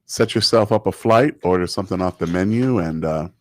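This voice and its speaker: A man's voice: sits low, fairly quick, a little mellow, dry recording. A man chatting casually as a guest, upbeat and jokey, talking up local events. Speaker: chamber of commerce guest. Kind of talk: casual chat.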